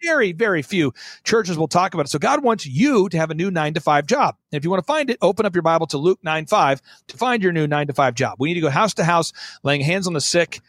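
A man's voice: a little high, lively intonation, fast talker, a bit bright, dry recording. A man speaking bluntly and emphatically as an interview guest, in a fervent, preaching manner.

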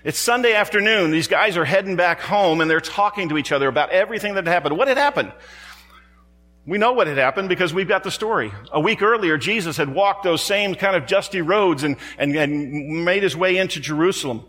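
Preacher guy in a big echoey church, kinda high voice, dramatic, keeps firing questions and repeating lines. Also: expressive, brisk, pushed and bright. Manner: dramatic, rhetorical questions and repetition. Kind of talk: sermon.

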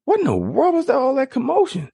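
A man voicing an indignant, protective middle-aged mother, shrill and outraged. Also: wildly swooping pitch, fast talker, creaky, mellow, slightly rough, no echo, clean studio sound, exaggerated voice.

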